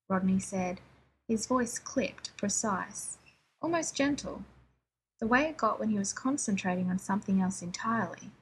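Brief: woman narrating fiction, steady and unhurried, mid-pitched voice over a faint hiss. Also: poor audio. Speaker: reader. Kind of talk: audiobook reading of fan fiction.

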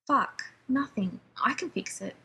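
A woman's voice: a little high, unhurried, creaky, pushed and bright, a little hiss or hum, exaggerated voice. A woman voicing an anxious, prickly male scientist who rambles sarcastically while defusing a bomb. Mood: nervous rambling.

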